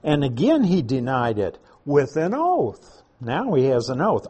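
A man delivering a Bible-teaching sermon at an unhurried, deliberate pace. His voice has a husky edge and sits in an ordinary middle register. He reads passages aloud and then unpacks them with rhetorical questions. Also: mid-range voice, huge pitch swings, mellow. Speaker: pastor teaching scripture. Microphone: uses slides while speaking to a congregation.

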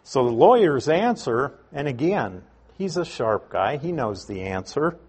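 Slow, husky-voiced male preacher. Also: medium pitch, big pitch swings, darkish tone. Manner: slow, deliberate teaching with emphatic stresses. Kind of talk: sermon.

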